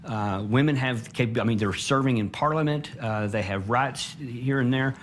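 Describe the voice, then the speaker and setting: A man's voice: mid-range voice, normal speed, slight background noise. Blunt, emphatic male interviewee. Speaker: interviewed commentator. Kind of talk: documentary interview.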